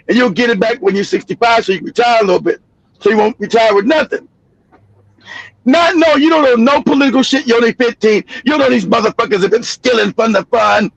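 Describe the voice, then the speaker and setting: A man's voice: extremely high pitch, a bit bright, breathy edge, no echo, poor audio. A middle-aged man giving heated, profane commentary on a livestream, swearing freely and laughing at his own jokes.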